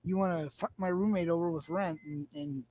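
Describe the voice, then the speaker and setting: A man's voice: sits high, brisk, darkish tone, a little hiss or hum, low-quality recording. Male streamer, in pain, sleepless, angry, swears and rambles. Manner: agitated, profane, rambling with restarts. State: in pain, struggling to stay awake. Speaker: livestream host. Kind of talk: casual livestream chat.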